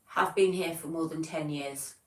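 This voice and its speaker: A woman's voice: sits low, fairly even intonation, moderate pace, reverberant, far from the mic, poor audio. A woman in her forties with a Devon English accent, chatting casually on a livestream, reading out viewer comments in a chatty, self-deprecating way. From England. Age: 40s. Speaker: livestream host.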